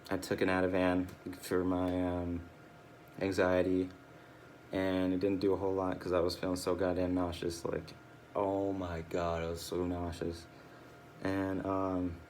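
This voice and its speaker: A tired, drowsy man with a low, slightly mellow voice rambles through a casual video diary against slight background noise. He swears often and keeps losing his train of thought.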